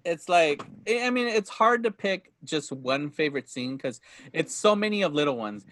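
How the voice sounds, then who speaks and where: A man's voice: fairly high pitch, expressive, moderate pace, a bit bright, dry recording, studio quality. A man in his thirties chatting casually about a movie, acting out lines and laughing often. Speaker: podcast co-host. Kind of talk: casual movie review chat.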